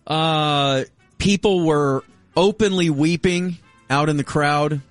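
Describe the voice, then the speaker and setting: A man's voice: on the high side, slow pace, dry recording, soft background music. A man co-hosting a radio talk show, joking and teasing in casual banter. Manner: jokey, teasing, leads the segment.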